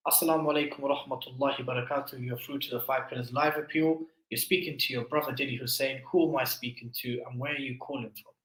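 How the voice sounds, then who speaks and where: Bright-voiced man, echoey room. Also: medium pitch, steady tone, quick pace, hardly any pauses. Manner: impassioned preaching appeal, building in force. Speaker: livestream fundraising host. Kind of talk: charity appeal livestream.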